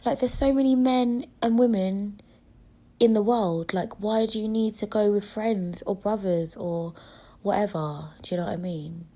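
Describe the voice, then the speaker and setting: A woman's voice: mid-range voice, steady tone, moderate pace, mellow. A young British woman hosting a solo podcast, talking frankly and chattily with plenty of swearing while she has a cold. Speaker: podcast host. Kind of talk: casual solo podcast chat.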